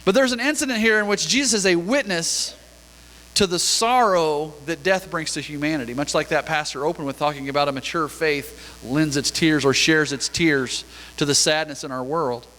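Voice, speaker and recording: Male pastor, conversational sermon with scripture reading, forceful tone, church hall reverb. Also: on the high side, moderate pace.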